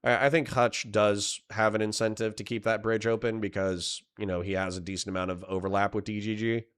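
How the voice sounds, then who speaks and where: Low smooth-voiced male streamer. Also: level tone, fairly quick, fairly bright tone. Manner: rambling, profane, reads chat aloud. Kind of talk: casual live-stream commentary.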